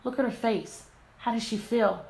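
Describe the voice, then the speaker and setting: A woman teacher leads a lively picture-book read-aloud, asking her class question after question. Her voice sits high with a gravelly edge. The recording sounds echoey, with a faint hiss behind her. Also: moderate pace. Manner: animated, asks the class many questions. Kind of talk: interactive read-aloud lesson. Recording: echoey room, faint background noise.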